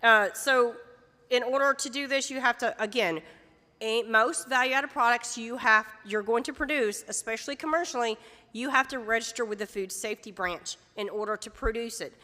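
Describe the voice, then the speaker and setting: A woman's voice: a little high, moderate pace, sharp tone. A woman giving a casual, folksy workshop presentation on food labeling, full of fillers and friendly asides. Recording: echoey hall with long reverb.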